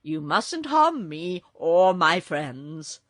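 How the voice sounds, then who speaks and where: Woman voicing a shaggy storybook man, loud calling, slow, breathy. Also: on the low side, big pitch swings, dry recording, clean studio sound, heavily acted. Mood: reassuring. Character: shaggy man, steady and protective.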